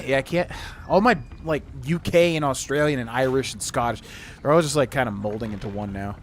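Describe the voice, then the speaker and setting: A man's voice: mid-range voice, brisk. A man streaming a role-playing game, chatting casually and reading in-game text aloud. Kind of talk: casual gameplay commentary.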